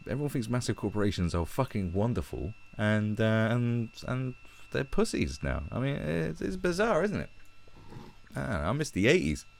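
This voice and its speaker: A man's voice: mid-range voice, gravelly. A man giving a sarcastic, profane ranting commentary as an online commentator. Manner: sarcastic and profane, with mocking asides.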